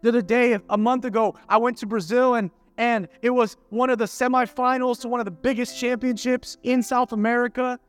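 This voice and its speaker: High-voiced preacher over soft music. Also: male voice, steady tone, a little fast, hardly any pauses, smooth. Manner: passionate, builds from quiet to loud; rhetorical questions to the audience. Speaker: pastor. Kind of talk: sermon.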